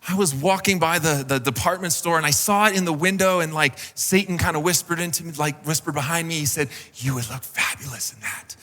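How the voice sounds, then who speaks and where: A man's voice: on the high side, quick pace, hardly any pauses, bright, forceful tone, in a large hall. A man voicing a sheepish wife who confesses to a pricey purchase, with his voice lightly raised.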